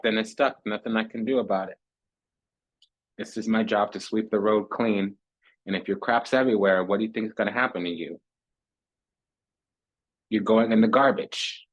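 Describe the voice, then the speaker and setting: A man delivers a tarot reading in a loose, talky monologue. His voice sits a little low and comes out husky. He is sassy and theatrical, calling listeners honey and darling and hammering points home by repeating himself. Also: low-quality recording. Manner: repeats phrases for emphasis. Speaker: tarot reader.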